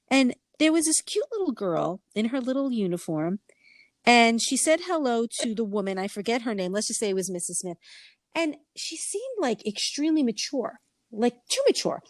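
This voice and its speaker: Middle-aged female podcast host, chatty and expressive, recorded dry and close. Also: fairly high pitch, creaky, no echo. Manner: animated storyteller, acts out quoted voices. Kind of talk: casual chat.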